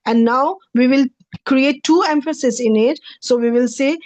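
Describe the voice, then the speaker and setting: A woman's voice: sits high, normal speed, a little mellow, no room sound. Woman teaching over slides. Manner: patient, repeats and rephrases points, checks in with "okay". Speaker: Arabic grammar teacher. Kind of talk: recorded slide lecture.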